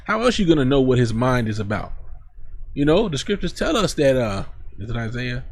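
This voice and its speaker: Man, husky voice, scripture teaching, reads verses aloud, blunt casual commentary. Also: medium pitch, sing-song, brisk. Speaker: preacher.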